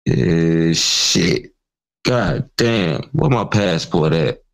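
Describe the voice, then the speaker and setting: A man's voice: sits low, expressive, extremely slow, gravelly, rough recording. A man hosting his own channel, delivering an angry, profane, mocking commentary rant. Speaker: channel host. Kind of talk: ranting commentary vlog.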